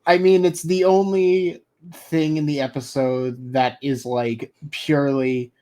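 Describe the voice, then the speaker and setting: A podcast co-host giving measured commentary in a casual recap chat. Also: medium pitch, flat delivery, warm tone.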